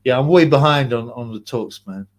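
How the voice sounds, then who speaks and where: A man's voice: mid-range voice, normal speed. Rambling man on a livestream. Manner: rambling and slangy, laughs often, trails off into mumbles. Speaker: live stream host. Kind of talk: casual live-stream chat reading donations and questions.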